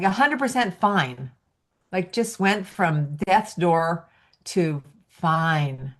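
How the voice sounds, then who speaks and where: A woman teaching energy healing, telling casual stories full of fillers and restarts, acting out quotes in a lifted voice. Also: fairly low pitch. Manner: rambling, filler-heavy, acts out quotes in a lifted voice. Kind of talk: casual storytelling lecture.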